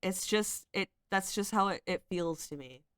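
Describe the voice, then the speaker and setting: Her voice is medium-pitched, a bit bright and smooth, moving at a moderate pace, captured in studio quality with no echo. As a commentary channel host, she reads screenshots aloud and critiques them casually, sounding exasperated, hedging a lot, and rambling with frequent fillers.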